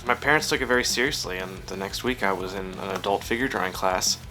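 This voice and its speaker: A man in his thirties talks about his work in a loose, rambling, self-deprecating way, full of fillers. His voice sits low yet sounds bright and forward. Faint guitar music plays behind him. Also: fast talker. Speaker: comic book writer and artist. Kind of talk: casual interview answers. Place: his home studio.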